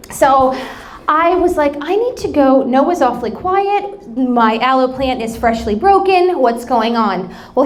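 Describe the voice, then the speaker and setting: A woman pastor in her thirties with an American accent, preaching a sermon in a fairly high voice. She tells stories in an animated way and breaks into laughing asides.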